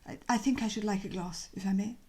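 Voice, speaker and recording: A woman voicing a flustered older magistrate, cowed and grudging, speaking quietly and hesitantly in an audiobook reading. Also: medium pitch, fast talker, lightly acted.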